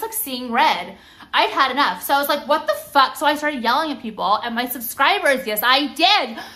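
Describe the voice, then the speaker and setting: A woman's voice: a little high, sharp tone. A young woman vlogging to camera, ranting heatedly with lots of swearing and filler words. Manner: profane, heated ranting with frequent "like". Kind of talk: casual rant to camera.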